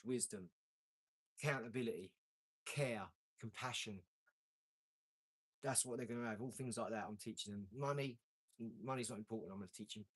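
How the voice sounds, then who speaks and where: A man hosts a casual livestream in a voice of ordinary pitch, talking to viewers in an emphatic, motivational way. He leans on repeated phrases to drive his points home. The recording is dry, with no room sound. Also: no echo. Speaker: livestream host.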